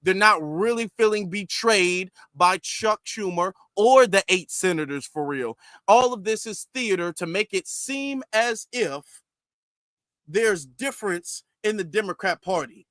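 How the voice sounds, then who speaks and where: Sarcastic high-voiced man reacting to clips. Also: animated, a little slow, a bit bright, no room sound, studio quality. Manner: sarcastic, mocks politicians in mimicking voices. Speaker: political commentary host. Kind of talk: reaction commentary on news clips.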